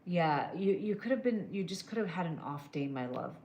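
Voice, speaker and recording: A woman's voice: fairly low pitch, animated, moderate pace, a little mellow, highs cut off, slight background noise. A woman hosting a casual live stream, giving wellness advice directly and answering viewers with pet names. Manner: direct, calls viewers "girl" and "my love". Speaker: livestream host doing emotional scans. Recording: echoey room.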